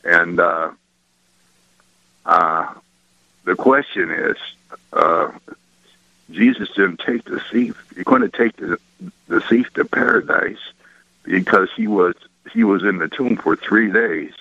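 A man from Michigan calling into a radio show with a question, speaking hesitantly with many pauses and restarts. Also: deep voice, gravelly, pushed and bright, no room sound. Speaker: caller. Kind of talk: phoning in a question. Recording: muffled lo-fi phone line.

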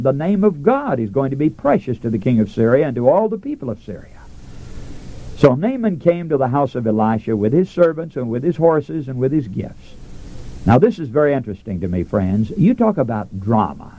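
A man preaching a storytelling sermon, retelling a Bible story and voicing its people. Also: medium pitch. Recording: dull lo-fi old recording.

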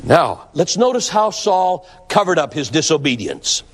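A man preaches a sermon earnestly and emphatically, often repeating words for stress. His voice is a little high, with big swings in pitch and a slightly slow delivery, and the recording carries a long hall reverb.

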